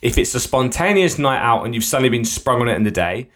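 A man co-hosting a podcast as a fitness coach, explaining with examples in a playful, animated way. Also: mid-range voice, quick pace. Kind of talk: casual podcast chat.

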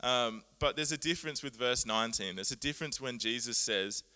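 A man preaching a sermon, earnest and animated, often laughing at himself as he explains Bible words. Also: mid-range voice, brisk, smooth.

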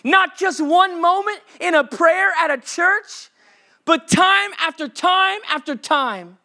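A man's voice: extremely high pitch, slow pace, bright, forceful tone. A man preaching a sermon as pastor at a church service, impassioned and quoting scripture as he lays out numbered steps.

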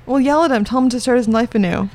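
A woman's voice: on the high side, darkish tone. Joking woman playing a tabletop game. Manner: joking, quick banter. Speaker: player. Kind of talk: playful tabletop game chat.

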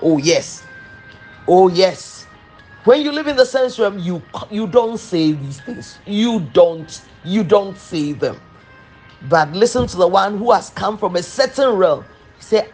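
Slow, emphatic male preacher. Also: high-pitched, lively intonation, darkish tone, faint music behind, rough recording. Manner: slow, emphatic, repeating phrases. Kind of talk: sermon.

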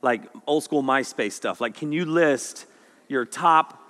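A middle-aged man preaching and telling jokes as a youth pastor, full of animated stories. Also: medium pitch, slow pace. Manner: animated, joking storyteller. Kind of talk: sermon. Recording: long hall reverb.

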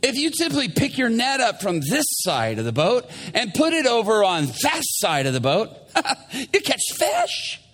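A man voicing Jesus as a calm, gentle teacher who speaks softly and patiently. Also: very high-pitched, a little slow, exaggerated voice.

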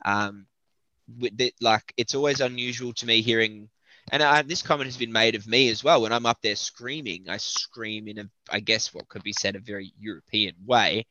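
A man's voice: on the low side, fairly even intonation, normal speed, pushed and bright, no room sound. An Australian man, a metal vocalist, chatting casually in an interview and thinking aloud with lots of fillers. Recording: dull lo-fi dry audio.

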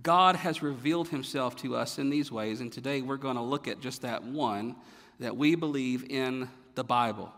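Speaking at a moderate pace, a pastor gives his sermon in a hall with lingering reverb; he swells into emphatic rhetorical questions and then quiets to a low, subdued voice.

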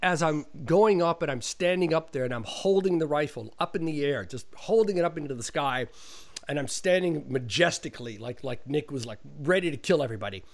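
A man's voice: fairly high pitch, a little fast. A man tells a story in an easy, chatty way and acts out each exchange. His voice sits a little above the usual range for a man. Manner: animated storyteller, acts out dialogue. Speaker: actor telling a story. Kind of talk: casual chat.

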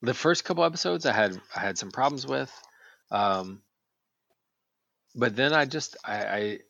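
A man's voice: mid-range voice, expressive, a little slow, vocal fry, a bit bright, dull audio. A man rambling in casual chat as a podcast co-host, swearing freely and restarting his sentences often.

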